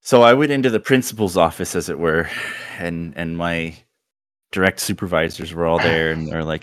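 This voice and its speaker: A young man hosting a podcast, telling stories in a relaxed, casual way and laughing often. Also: low voice, normal speed, clear, resonant tone, no echo. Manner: laid-back storyteller, laughs often. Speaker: podcast host. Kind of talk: casual chat.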